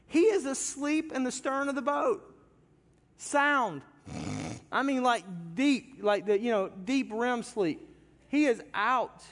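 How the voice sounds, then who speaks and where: A man preaching a sermon in a church, impassioned, moving from loud cries down to hushed, quiet passages. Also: very high-pitched. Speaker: pastor. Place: large church sanctuary. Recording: long reverb of a big hall.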